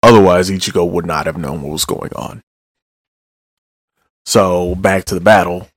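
A man with a low voice talks through manga chapters in a loose, joking way, with offhand asides and some swearing. His voice sits dry and close, with no room sound around it. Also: normal speed, no room sound. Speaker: manga reader and recapper. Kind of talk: casual chapter recap.

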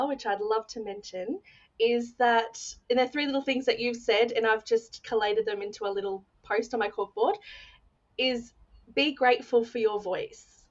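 Young woman, podcast host, earnest and effusive, slightly high voice. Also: dull audio. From Australia. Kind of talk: podcast interview.

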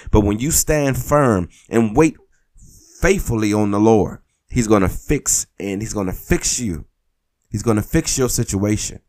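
A man's voice: lowish voice, a little mellow. A man preaching a sermon, urging his listeners on and repeating phrases for emphasis.

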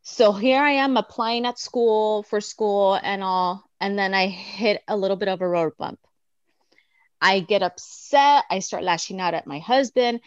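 A woman's voice: mid-range voice, measured pace, clear, resonant tone, no room sound, dull audio. Earnest woman sharing her story on a call. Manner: earnest, reflective storytelling with animated quoted asides. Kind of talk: casual personal sharing on a video call.

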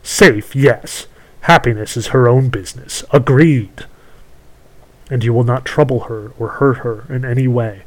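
A man's voice: mid-range voice, measured pace, close to an everyday voice, poor audio. A man voicing a cruel, scheming female witch who gloats over her bargain, in a storybook reading. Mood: gloating.

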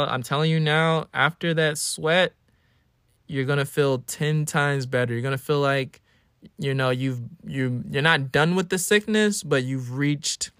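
A young man in his twenties talks through a solo podcast episode, animated and storytelling. He now and then slips into exaggerated whiny bits. His voice sits at a middling pitch and is recorded dry and close. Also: clean tone, dry recording. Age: 20s. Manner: animated storytelling, acting out his own whining. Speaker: podcast host. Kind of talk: casual solo podcast monologue.

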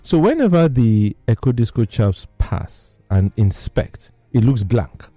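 A man, telling personal stories in casual talk as he explains a topic, animated and emphatic. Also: mid-range voice, measured pace, no echo, faint music behind. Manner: animated storyteller, lively and emphatic.

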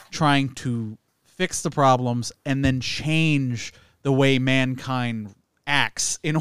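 A man's voice: medium pitch, a bit bright, smooth, no echo, studio quality. A man co-hosting a movie podcast, speaking thoughtfully in casual chat and laughing along. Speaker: podcast co-host.

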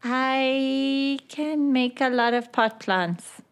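An eager, timid young elf woman, played by a woman who talks in a very high, pleading squeak. She sounds small and hopeful, her words coming out slowly. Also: a little hiss or hum. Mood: meek.

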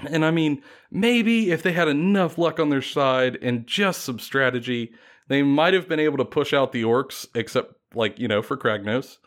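A man casually retelling a fantasy battle story on a podcast, animated and laughing often. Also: medium pitch, moderate pace.

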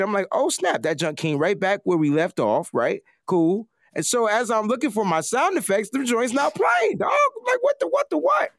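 Animated, high-voiced male show host. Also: no echo, clean studio sound. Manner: animated, excitable, slangy. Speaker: podcast host. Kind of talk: casual livestream chat.

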